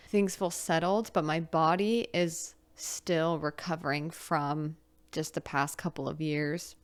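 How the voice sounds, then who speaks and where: A woman's voice: fairly low pitch, smooth. A young adult woman hosting her own podcast, talking candidly in a rambling, confessional brain-dump with frequent restarts. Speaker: podcast host. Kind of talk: candid solo podcast monologue.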